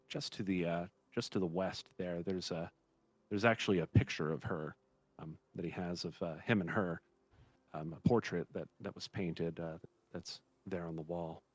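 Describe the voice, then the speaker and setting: Man, game master, hesitant narration, lowish voice, dry sound. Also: dry recording. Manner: halting, with many fillers.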